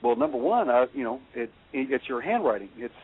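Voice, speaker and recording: Man, phone line, tinny, mid-pitched, rambling storyteller, halting, lots of fillers. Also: big pitch swings, husky. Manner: halting, many fillers and restarts, chuckles while telling stories. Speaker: guest expert on handwriting analysis.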